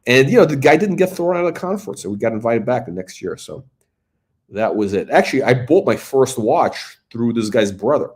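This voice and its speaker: A man's voice: mid-range voice, lively intonation, fairly quick, a little mellow. A middle-aged man hosting a watch review, rambling through casual commentary and storytelling as he searches for words.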